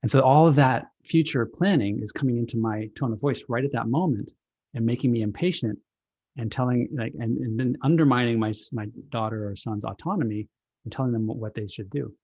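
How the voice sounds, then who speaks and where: A man gives a reflective, explanatory talk on a video call and walks through everyday analogies at an easy pace. His voice is a little husky. The audio is dry and dull, with a lo-fi video-call sound. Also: mid-range voice, brisk, no room sound. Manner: relaxed, reflective, uses analogies. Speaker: author presenting his book.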